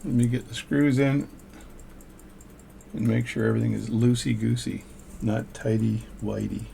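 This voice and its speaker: An older man with a deeply gravelly, fry-heavy voice talks through his bench work in an easygoing, chatty way. His pitch sits in an ordinary middle range, with a faint hum of noise behind him in a home workshop. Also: little pitch movement, unhurried, dark tone. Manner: casual, chatty, thinks aloud between tasks. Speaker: watchmaker. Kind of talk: narrating repair work as he goes.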